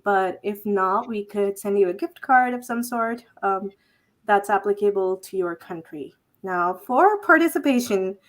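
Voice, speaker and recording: A woman in her thirties hosting a casual live-stream chat, laughing often and stumbling over her words. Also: medium pitch. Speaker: host.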